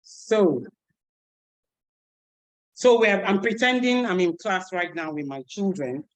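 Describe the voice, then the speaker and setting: A woman's voice: mid-range voice, slow pace. A woman teacher and storybook author, playfully demonstrating how she reads a story to young children in class. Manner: animated, playful, laughing.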